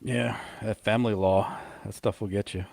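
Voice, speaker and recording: A man with a lowish voice drops short, dry comments into a livestream conversation. He sounds close to the mic in a dead room with no echo. His delivery is brief and plain. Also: steady tone, normal speed, gravelly, darkish tone. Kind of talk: casual chat.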